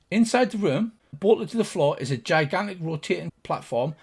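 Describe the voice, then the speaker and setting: An older man narrating as game master of a tabletop game, describing scenes in a relaxed storytelling way. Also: high-pitched, moderate pace, slightly rough.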